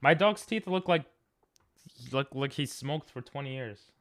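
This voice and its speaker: A man's voice: mid-range voice, expressive, measured pace. Young guy streamer reacting to vids, joking w chat, voice jumps all over then mumbles. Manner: goofy, teasing chat, often drops to a mutter.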